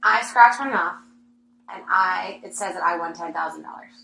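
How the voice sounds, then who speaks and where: A woman hosting a casual podcast chat, telling a story with lively acted-out quotes. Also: fairly low pitch, moderate pace, gravelly, a crowd in the background. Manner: animated storyteller acting out her own excitement. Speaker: podcast host. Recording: echoey room with faint hum.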